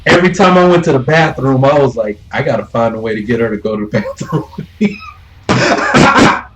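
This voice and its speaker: A man's voice: medium pitch, very animated, a little fast, a bit bright, a little hiss or hum, low-quality recording. A man streaming a game and casually telling a story with loose, laid-back talk, swearing freely and chuckling between lines. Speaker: gaming streamer.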